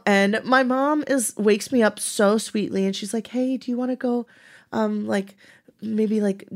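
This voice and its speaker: A woman co-hosting a casual podcast, talking candidly, swearing freely and laughing often. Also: mid-range voice. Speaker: podcast co-host.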